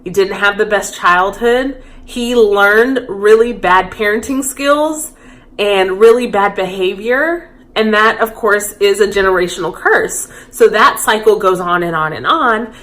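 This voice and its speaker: A woman's voice: medium pitch, unhurried, a bit bright. Candid, reflective woman in her thirties. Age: 30s. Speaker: vlogger. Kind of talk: personal confessional vlog.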